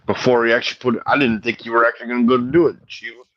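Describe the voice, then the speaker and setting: A man's voice: medium pitch, fairly even intonation, racing, dry recording, lo-fi sound. A man joking around in casual group chat on a stream.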